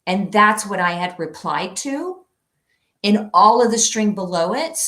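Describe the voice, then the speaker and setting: A woman chatting as a podcast guest, telling stories in an animated way and laughing often. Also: mid-range voice, unhurried. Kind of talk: casual conversation. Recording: echoey room sound.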